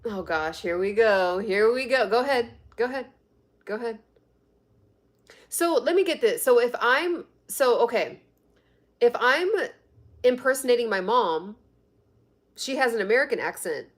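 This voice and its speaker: A woman's voice: a little high, lively intonation, a little slow, pauses often. A woman hosting a live stream on health and fitness, chatting casually and reading viewer comments aloud. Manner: chatty, laughs often, reads comments aloud.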